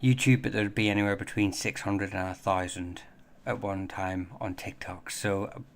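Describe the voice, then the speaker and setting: A man hosting a casual livestream and chatting with viewers in a rambling, halting way, with many fillers and restarts. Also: lowish voice, steady tone, a little hiss or hum. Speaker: livestream host.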